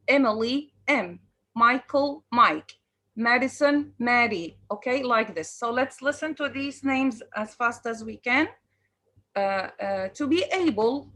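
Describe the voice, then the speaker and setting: A woman's voice: a little high, fairly bright tone. Fields: woman, teacher. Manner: encouraging, switches between English and Arabic. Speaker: English teacher. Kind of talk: online class instruction.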